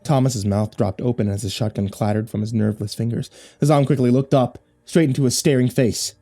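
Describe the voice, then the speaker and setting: A man narrating a horror story in a low, hushed, dramatic way. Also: fairly even intonation, a little fast, faint music behind.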